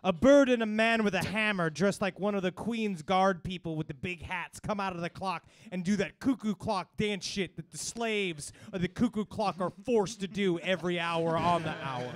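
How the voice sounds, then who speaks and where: A man's voice: high voice, no echo, poor audio. A man, a comedian, reading his own crude, over-the-top screenplay aloud as narration at a live comedy show.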